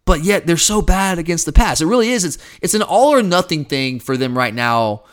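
A man runs his sports podcast in a loose, animated way, talking straight to his listeners. His voice sits a little high for a man. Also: fairly quick. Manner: chatty, animated, addresses listeners as guys. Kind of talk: casual sports talk podcast.

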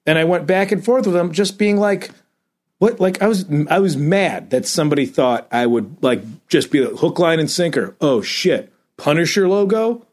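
A man's voice: on the high side, normal speed, few pauses, darkish tone. A man on a podcast, a comedian ranting and swearing in exasperated casual chat. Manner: self-described comedian. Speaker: podcast co-host.

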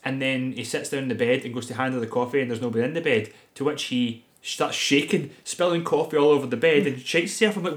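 A man's voice: medium pitch, quick pace, few pauses. A man, co-hosting a podcast and recapping a film from his notes in casual chat, laughing often. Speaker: podcast co-host.

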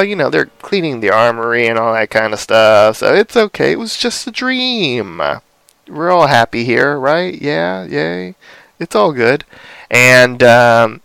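A man's voice: medium pitch, gravelly, a bit bright, clean tone, dry recording. A man hosting a podcast, casually recapping a TV episode with lots of fillers and asides. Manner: rambling, filler-heavy. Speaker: podcast host.

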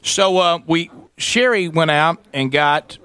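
Male radio host, animated storyteller, bright tone, dry studio sound. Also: fairly high pitch, takes it slowly, clean tone, dry recording. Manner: animated storyteller, acts out voices.

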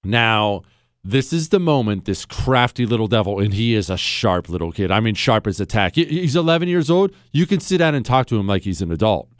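A man's voice: on the low side, a little fast, smooth, no room sound, studio quality. A man hosting a talk radio show, telling stories in a blunt, sardonic monologue. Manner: animated storytelling, blunt and sardonic.

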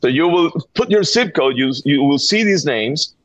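A man's voice: fairly high pitch, animated, normal speed, few pauses, no echo. A middle-aged man from Venezuela with a Venezuelan Spanish accent, speaking earnestly and urgently as a guest, often repeating words as he presses a point. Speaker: guest, gun violence activist. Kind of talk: call-in interview. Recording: dull, dry remote line.

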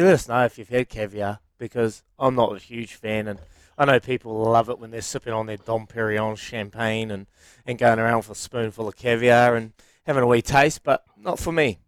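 Excitable New Zealand radio host man. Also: mid-range voice, no echo, clean studio sound. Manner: excitable, exclaiming, restarts often. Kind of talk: casual morning radio chat.

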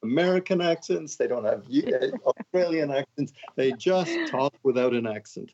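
An older man from Canada, a guest author, answering interview questions in a relaxed, conversational way with wry, self-deprecating jokes. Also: medium pitch, normal speed, husky, dull audio. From Canada (Montreal).

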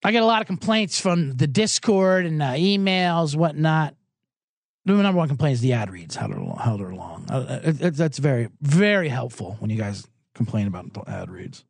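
Man, podcast host, sarcastic rants, animated up-and-down voice, dry close sound. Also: fairly high pitch, moderate pace, gravelly, dry recording. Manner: rambling, sarcastic rants with self-deprecating jokes. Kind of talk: solo sports betting podcast with ad reads.

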